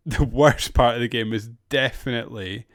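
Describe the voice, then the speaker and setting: A man's voice: mid-range voice, measured pace, dry recording, clean studio sound. A man co-hosting a podcast in casual chat, hesitant, with frequent restarts and laughter. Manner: hesitant, restarts often, laughs between remarks. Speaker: podcast co-host.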